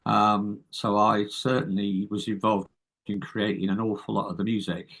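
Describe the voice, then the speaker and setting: Older british musician guy, lowish voice, stammers and restarts a lot. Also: flat delivery, moderate pace, gravelly, fairly bright tone. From Wales by heritage, lives in England. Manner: hesitant, stammering restarts, self-deprecating. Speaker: musician guest. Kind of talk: casual interview chat.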